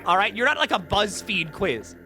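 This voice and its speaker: A young man chats casually on a stream, rambling from joke to joke. His slightly high voice is bright and forceful, and faint music plays behind him. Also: very animated, normal speed. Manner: rambling, joking, many filler words.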